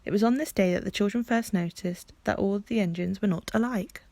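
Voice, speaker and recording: A woman, hosting a library storytime and reading a children's book aloud in a calm, clear way. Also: mid-range voice, a little fast, no echo.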